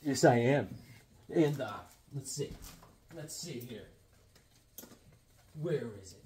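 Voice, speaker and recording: A man with a husky, slightly breathy voice chats casually to camera. He rambles in an easygoing way, with offhand chuckling asides. His pitch sits in an ordinary middle range. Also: moderate pace, long pauses, fairly bright tone. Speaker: comics collector showing his drawings.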